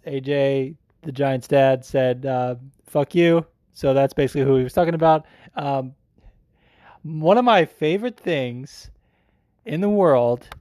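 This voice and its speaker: American guy hosting a podcast, slightly high voice, loose and profane, close and dry sound. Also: darkish tone, dry recording. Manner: profane, rambling, laughs easily. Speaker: podcast host. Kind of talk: casual chat.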